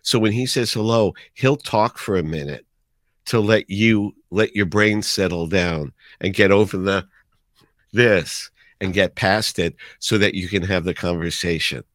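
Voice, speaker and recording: A lively man in his sixties with a New York accent spins stories, bouncing into other people's voices as he quotes them. His voice sits fairly low, and the recording is close and dry. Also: unhurried, no room sound. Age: 60s. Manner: animated storyteller, acts out quotes. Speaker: radio DJ guest. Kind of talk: casual storytelling.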